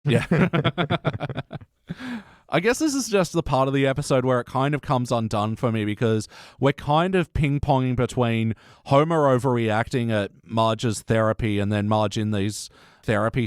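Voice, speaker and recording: A man leads a relaxed podcast conversation and keeps prompting his co-hosts with questions. His voice is close and dry, with no room sound, and he laughs easily between points. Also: mid-range voice, a little slow, smooth, dry recording. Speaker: podcast host. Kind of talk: casual podcast chat.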